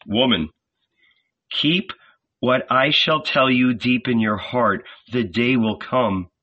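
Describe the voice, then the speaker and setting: A man reading an audiobook, voicing a calm, patient teacher figure. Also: medium pitch, takes it slowly, dull audio. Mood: solemn. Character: calm gentle male teacher, patient and solemn.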